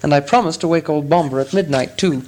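A man voicing a fussy, polite hobbit gentleman who talks in a prim, businesslike way with a squeaky voice. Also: fast, a little hiss or hum, close to an everyday voice.

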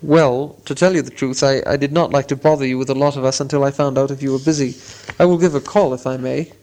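A man reading a storybook aloud, voicing an old, courteous and wise male wizard who speaks in a measured, polite way. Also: mid-range voice, steady tone, a little mellow, close to an everyday voice, rough recording.

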